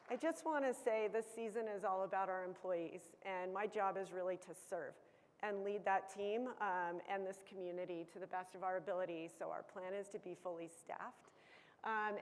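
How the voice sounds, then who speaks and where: A woman's voice: medium pitch, a little hiss or hum. A woman giving an upbeat conference presentation about her ski area's season, with some filler ums. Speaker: ski area operations chief. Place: conference hall. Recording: long reverb of a conference hall.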